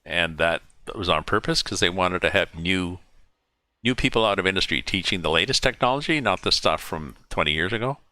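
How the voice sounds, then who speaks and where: A man with a fairly low voice that carries a bright, forceful edge chats casually over a driving game. He tells rambling stories full of ums, uhs and restarts, in an easygoing way. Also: animated, brisk, no room sound. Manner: rambling storyteller, many fillers and restarts. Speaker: co-driver in a game convoy. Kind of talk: casual chat while gaming.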